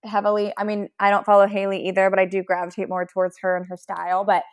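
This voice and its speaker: A woman's voice: medium pitch, monotone, fast. A young woman co-hosting a podcast, chatting casually and recapping celebrity gossip with quoted asides. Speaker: podcast co-host.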